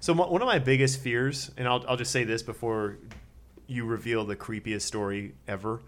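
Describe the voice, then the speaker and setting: A man co-hosting a casual chat, joking and asking quick questions. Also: medium pitch, steady tone, fairly bright tone. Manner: jokey, quick questions, self-deprecating.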